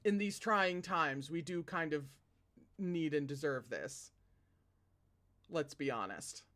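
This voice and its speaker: Higher-voiced man reading aloud with asides. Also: slow pace. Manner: animated, breaks off to joke and laugh. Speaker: host reading a novel aloud. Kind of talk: read-along narration with asides.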